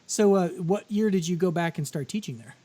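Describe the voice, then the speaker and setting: Man, fairly high voice, easygoing podcast host, casual chat. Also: fairly quick, warm tone. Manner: easygoing, conversational, asks follow-ups.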